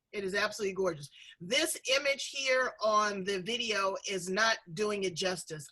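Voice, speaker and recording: A woman hosts an online interview show, responding with open enthusiasm and compliments. Her voice is bright and forceful, with a husky edge to it. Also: mid-range voice, poor audio. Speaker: host. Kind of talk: interview hosting.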